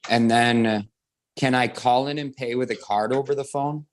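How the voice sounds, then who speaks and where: A man's voice: medium pitch, steady tone, moderate pace. A man from Wisconsin, a defendant on a video call, gives polite, brief answers.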